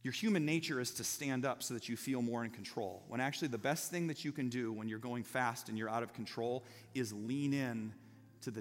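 Calm patient older brother explaining ski stuff low and soft, as a guy preaching puts him on, big hall echo. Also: lightly acted.

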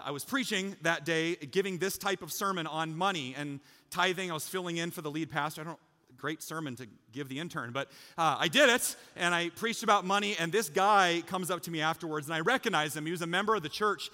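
A man preaching a sermon as pastor, talking casually with the congregation, joking and rising to loud, emphatic peaks. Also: a little high, in a large hall. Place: church sanctuary.

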